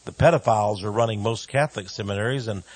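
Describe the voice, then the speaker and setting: In a fairly low voice and at a fast pace, a man preaches a radio sermon with great emphasis. He drops to soft asides and rises to loud cries, sometimes mimicking his critics in mocking voices.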